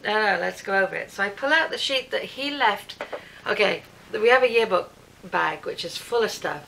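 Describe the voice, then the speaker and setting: Filmed on her camera at home, this British woman's chatty vlog recounts her day, with animated reenactments of what people told her. Her mid-range voice is creaky and moderately paced, and the rough recording has slight background noise.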